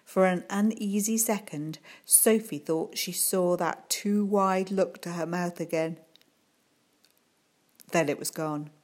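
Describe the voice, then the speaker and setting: A woman reads a children's storybook aloud, calm and unhurried. Her voice sits a little low, and she takes her time over every line. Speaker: audiobook reader. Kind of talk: reading a children's book aloud.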